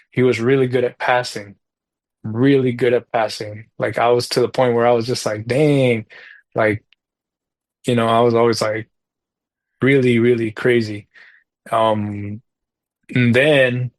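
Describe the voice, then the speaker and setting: On a podcast about soccer video games, a man who is a parent and co-host tells a long, casual story. His mid-range voice is recorded with no room sound, and his delivery rambles loosely, packed with fillers and slang.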